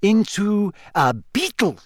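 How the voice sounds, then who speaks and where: Man doing a bright, high-pitched schoolgirl witch, eager, brisk, know-it-all, storybook reading, dry close sound. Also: animated, dry recording, natural voice. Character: clever earnest teenage schoolgirl witch. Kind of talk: audiobook character voice.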